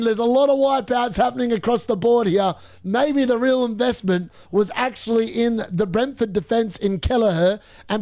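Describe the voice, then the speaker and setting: High-voiced excitable man. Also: vocal fry. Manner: excitable, bursts into shouts at near misses; chatty, muttering asides between reactions. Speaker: fantasy football streamer. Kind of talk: live watch-along commentary.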